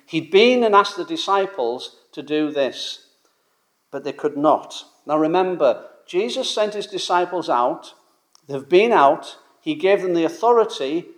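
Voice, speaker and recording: A man with a fairly high voice preaches a sermon. His delivery is emphatic, pushing some phrases out loudly and dropping others low. It has the steady cadence of a pulpit message. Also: a little slow. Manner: emphatic, rises and falls in loudness for stress.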